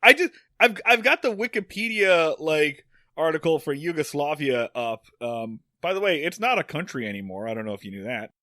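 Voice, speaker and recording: A man's voice: fairly high pitch, big pitch swings, normal speed, hardly any pauses, pushed and bright, dry recording, clean studio sound. A man co-hosting a podcast in casual chat, wry and joking, full of fillers. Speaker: podcast co-host.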